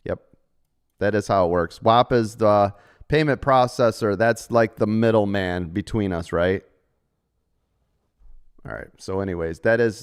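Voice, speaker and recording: Middle-aged guy coaching traders live, smooth clear voice, chatty and kinda salesy, lots of "right?". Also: deep voice. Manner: chatty, salesy, jokey with frequent rhetorical "right?". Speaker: trading coach hosting a live stream. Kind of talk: casual live-stream talk to members.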